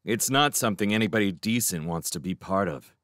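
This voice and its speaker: A man's voice: on the low side, lively intonation, a little fast, a bit bright, no room sound, clean studio sound. A man voicing a cheerful, cocky teenage boy in a storybook reading, breezy and teasing. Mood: chatty.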